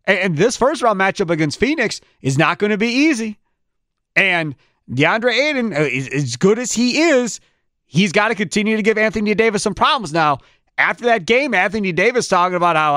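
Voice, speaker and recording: A man hosting a sports talk show, giving strong opinions in an animated way with quick restarts. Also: sits high, dry recording, studio quality.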